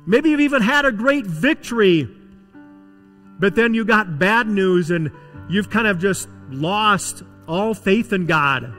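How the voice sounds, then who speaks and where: Male pastor, slow deliberate sermon, bright ringing tone, faint music under him. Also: high voice, lively intonation, big-room sound. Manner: dramatic preaching, swinging between loud emphasis and hushed tones. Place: church sanctuary.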